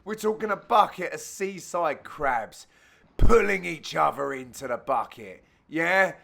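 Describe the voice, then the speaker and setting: Cheeky, bright-voiced man doing comic commentary. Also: on the high side, animated, unhurried, creaky. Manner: cheeky, crude banter with sudden shouted exclamations. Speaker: amateur padel player and commentator.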